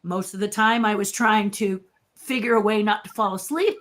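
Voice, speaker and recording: Older woman telling a lively story. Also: mid-range voice, normal speed. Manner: lively storyteller who acts out quoted dialogue. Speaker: guest puppeteer. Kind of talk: casual storytelling in an interview.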